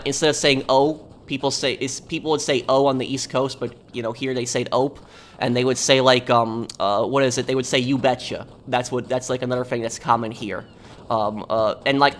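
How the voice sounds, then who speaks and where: Casual gaming chat comes from this streamer, a New York man whose medium-pitched voice is fairly bright, with a bit of hiss or hum in the audio. His speech rambles and halts, and he repeats words while thinking.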